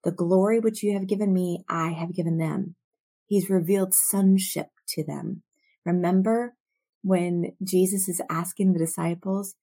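A woman teaching from scripture in a slow, reflective way, sometimes dropping to soft near-whispers. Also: on the low side, steady tone, husky. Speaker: Bible teacher.

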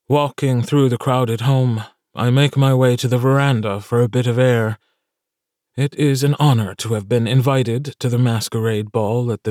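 Male audiobook narrator, measured first-person storytelling, dry studio read. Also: medium pitch, darkish tone, dry recording. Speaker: audiobook narrator and podcast host. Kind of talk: scripted narration.

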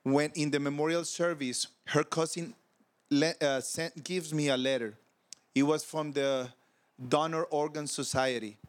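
Emotional pastor telling a story. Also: male voice, on the high side, a little slow. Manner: emotional, animated storytelling with quoted dialogue. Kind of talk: conference sermon storytelling. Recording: audio of a convention talk.

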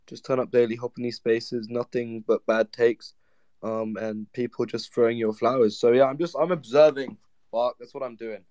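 A man's voice: medium pitch, a little mellow. A man speaking casually in an online audio chat, laid-back and hesitant, with lots of ums. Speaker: listener invited to speak.

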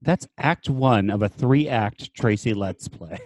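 A man's voice: lowish voice, takes it slowly, a little mellow, no room sound. A man co-hosting a podcast, throwing in wry jokes during casual chat. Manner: wry joking interjections. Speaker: podcast co-host.

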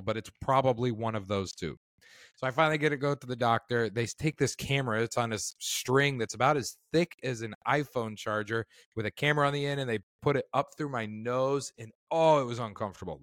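A man's voice: mid-range voice, fairly bright tone, no echo. Chatty male podcast host, dry sound. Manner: chatty, self-deprecating, rambling asides. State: strained vocal cords. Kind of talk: casual Bible-based podcast talk.

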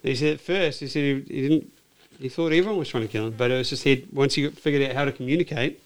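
A man's voice: medium pitch, fast. A man with an Australian accent, co-hosting a casual motorsport podcast in an easygoing, chatty way. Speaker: podcast co-host.

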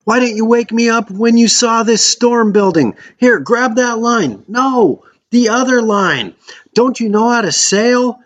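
A man's voice: a little high, expressive, a little slow, dull audio, pitched above the performer's own voice. A man voicing a furious, domineering man who screams orders and insults at his friends. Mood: furious yelling. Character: furious bossy man yelling in a storm.

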